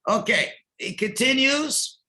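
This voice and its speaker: A man's voice: very high voice, animated, slow pace, bright, forceful tone. A man teaching a Torah class as a rabbi, reading Hebrew lines and translating them, now and then raising his voice for emphasis. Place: synagogue.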